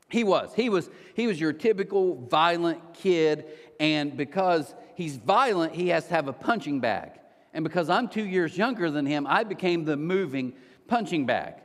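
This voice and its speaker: A man preaches in a casual, storytelling way, and his voice rides up and down with a lively, expressive pitch. His tone sits a little above the usual male register. The sound carries a long reverb from a large hall. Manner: animated storytelling, acting out voices. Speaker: pastor. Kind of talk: sermon. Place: church auditorium.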